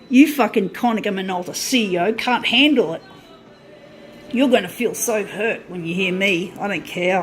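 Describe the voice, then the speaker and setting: A woman ranting and swearing angrily while she films a product demo on her phone, half-laughing at times. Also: mid-range voice. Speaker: vlogger.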